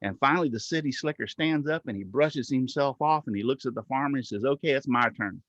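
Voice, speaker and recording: A man's voice: medium pitch, fast, no echo. Older male host, easygoing folksy joke teller on a muffled, dry live stream. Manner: folksy, chuckling storyteller. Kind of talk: casual livestream chat and joke telling. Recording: dull, dry lo-fi stream audio.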